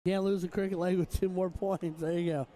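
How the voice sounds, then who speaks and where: A man's voice: sits high, flat delivery, fairly quick, warm tone. A man co-commentating live on darts in an easygoing, bantering way.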